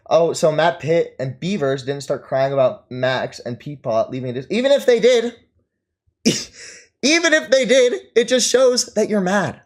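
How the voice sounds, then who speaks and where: Mocking male streamer with lively pitch. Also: unhurried. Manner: mocking, scornful, laughs often. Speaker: streamer reacting to chat. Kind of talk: livestream commentary.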